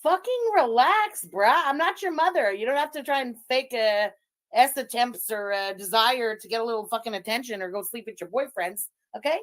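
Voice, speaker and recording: A woman's voice: on the high side, lively intonation, normal speed, fairly bright tone. A woman streamer gleefully mocking a clip and thanking viewers, swearing freely. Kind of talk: livestream reaction commentary.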